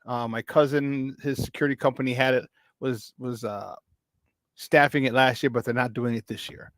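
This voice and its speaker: A man's voice: mid-range voice, fairly even intonation, normal speed, fairly bright tone, dry recording. A young man hosting a casual morning sports talk show, rambling loosely and slipping into Spanish phrases.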